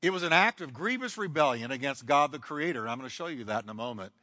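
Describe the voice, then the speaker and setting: A male pastor preaching a sermon emphatically, with sweeping shifts in pace and dramatic pauses, in a church. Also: medium pitch, expressive, pushed and bright. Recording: long hall reverb.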